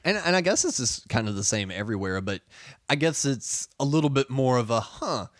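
A man with a Southern accent chats on a podcast, his pitch bouncing all over as he jokes and swears freely. The sound is dry and close, with no room around it. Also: a little fast, dry recording. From South Carolina, US. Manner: animated, profane, jokey. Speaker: podcast host. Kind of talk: casual chat.

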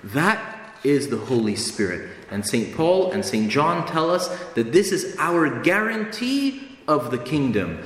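A man's voice: mid-range voice, big pitch swings, unhurried, a bit bright. A man preaching a sermon in an earnest, emphatic way, repeating phrases for stress. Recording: echoey hall with long reverb, faint ambience.

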